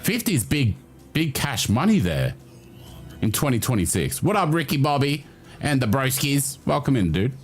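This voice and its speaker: A man's voice: mid-range voice, sing-song, normal speed, faint music behind. A man with an Australian accent hosting a casual livestream chat, reading his chat aloud, swearing freely and laughing often. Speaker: livestream host.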